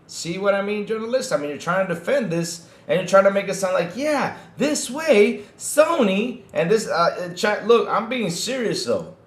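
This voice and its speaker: A man with a high-pitched voice talks briskly, barely pausing, in a reverberant space. He hosts a gaming podcast, reading news aloud and mocking it with profane commentary while chatting with his viewers, animated and swearing throughout.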